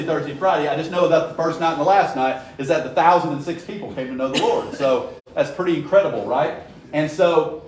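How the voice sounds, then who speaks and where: A man with a slightly higher voice teaches a Bible study in a loose, storytelling way, often asking his listeners "right?" He sounds heavily echoed and some distance from the microphone, as in a bare church room, with a faint hum of room noise behind him. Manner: storytelling, frequent "right?" check-ins.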